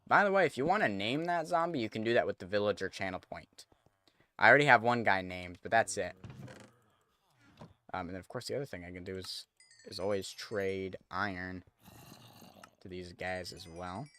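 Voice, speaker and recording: A man's voice: sits low, normal speed, long pauses, sharp tone. A man streaming a game, chatting casually to viewers as he thinks aloud and corrects himself. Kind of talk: casual gameplay commentary.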